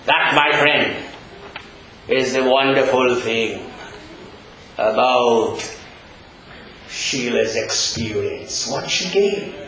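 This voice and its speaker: An older man preaching a funeral sermon, rising to impassioned shouts and dropping to hushed tones. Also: mid-range voice, very slow, long pauses, a little hiss or hum. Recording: very echoey hall with crowd.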